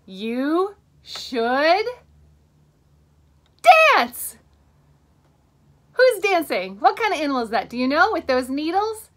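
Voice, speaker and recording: A woman teacher reading a picture book to children in an animated way, stopping to ask them questions. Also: high-pitched, fairly quick.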